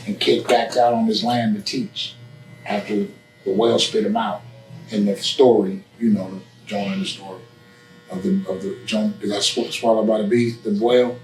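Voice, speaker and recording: A man as an interview guest in a barbershop, telling a casual story in a rambling, repetitive way with profanity and frequent "you know what I'm saying.". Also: on the low side. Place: barbershop, indoors. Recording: echoey room, mic at a distance.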